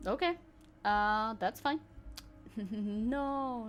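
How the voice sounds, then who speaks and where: A woman's voice: on the high side, lively intonation, moderate pace. A woman streamer giving casual gameplay commentary, chatty and giggly, thinking aloud. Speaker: VTuber streamer.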